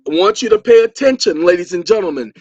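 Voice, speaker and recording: A man's voice: high voice, expressive, fast, darkish tone, lo-fi sound, faint music behind. A man hosting his own channel, lecturing viewers in a chatty way and repeating points for emphasis while he types. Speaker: channel host.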